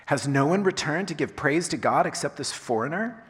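A man preaching a sermon as pastor, talking in a relaxed, chatty way and laughing now and then. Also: a little high, moderate pace. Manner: conversational, chatty with laughing asides. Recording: long reverb of a large hall.

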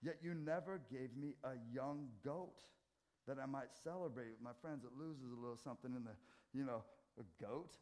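A middle-aged man preaching a sermon in a church, swinging from loud scripture readings to quiet asides. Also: medium pitch, moderate pace. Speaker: pastor. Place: church sanctuary.

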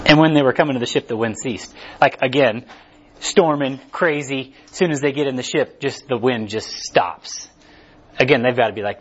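Husky casual preacher man. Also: mid-range voice, moderate pace, dull audio. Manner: casual, animated, acts out inner voices. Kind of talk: conversational sermon.

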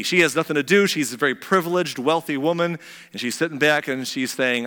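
A man's voice: a little high, a little fast, sharp tone. A man preaching a sermon in a conversational, joking way. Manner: conversational, joking asides to a laughing congregation. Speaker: pastor. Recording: reverberant hall sound.

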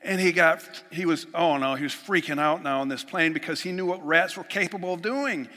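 A man's voice: a little high, a little fast, pushed and bright. A man preaching a sermon as pastor, telling stories and acting out people's worries in quoted voices. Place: church sanctuary. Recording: long church hall reverb.

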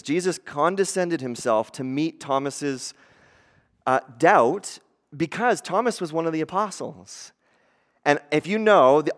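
A man preaching a sermon as pastor, conversational and animated, acting out the voices he quotes. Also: high voice, in a large hall.

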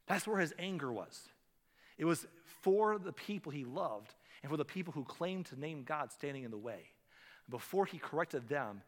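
A male pastor preaching a sermon, dynamic and shifting between hushed, gentle passages and loud, emphatic ones. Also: fairly high pitch, lively intonation, normal speed, long reverb tail.

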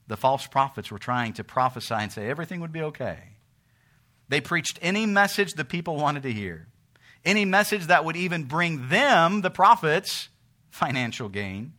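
A man preaching an evening sermon, swinging between loud emphatic lines and hushed quoted voices. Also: mid-range voice. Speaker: pastor.

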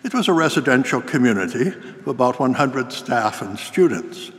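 An older man preaching a sermon in a cathedral, telling a story in a measured, formal way. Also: mid-range voice, very animated. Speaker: priest. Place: large cathedral. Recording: long cathedral reverb.

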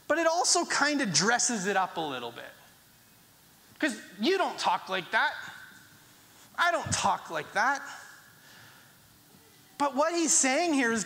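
Guy preaching slow and casual, bright voice, big echoey hall. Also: extremely high pitch. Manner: conversational, acts out prayers with rising emphasis. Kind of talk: sermon. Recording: long hall reverb.

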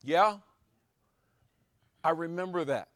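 A man preaching a sermon, swinging between loud exhortation and quiet asides, driving his points home with repeated rhetorical questions. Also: fairly high pitch, animated, slow pace, no room sound.

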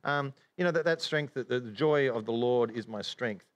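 A man teaching from the Bible in casual chat, animated, with many restarts. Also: mid-range voice, normal speed, highs cut off. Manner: animated, acts out regretful inner voices, many restarts.

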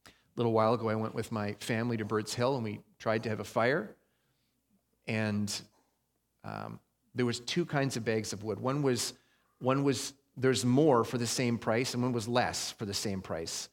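A man preaching a sermon in a conversational way, slowing down and leaning on key phrases. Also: medium pitch. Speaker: pastor. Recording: long hall reverb.

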